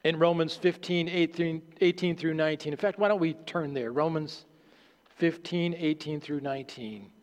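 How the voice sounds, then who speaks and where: A male pastor preaching a sermon, earnest and halting, restarting phrases and dropping low at the ends of lines. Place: church sanctuary. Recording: long hall reverb.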